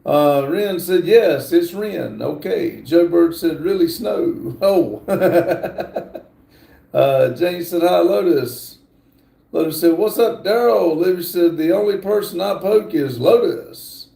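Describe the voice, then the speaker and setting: A middle-aged man hosting a casual livestream, reading viewer comments aloud in a halting, apologetic way. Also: fairly high pitch, expressive, gravelly, dark tone. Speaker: livestream host. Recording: roomy echo.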